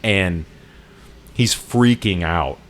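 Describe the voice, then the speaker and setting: Podcast co-host, male, very low voice, loose rambling storyteller. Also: very slow, fairly bright tone. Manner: rambling retelling with many fillers and restarts. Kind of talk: casual storytelling chat.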